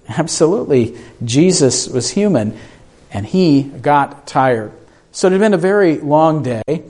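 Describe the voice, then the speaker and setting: A man preaching with a slightly higher voice than most men. He keeps asking his listeners questions and voices the people in the story himself. He moves between hushed moments and raised, urgent ones. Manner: asks the congregation questions, acts out quoted voices. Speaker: pastor. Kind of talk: sermon.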